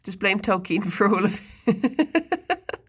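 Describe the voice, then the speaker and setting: A woman's voice: mid-range voice, expressive, slow pace, breathy edge. A woman streamer in casual live-stream chat, musing aloud and talking to her viewers and pets. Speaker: livestreamer.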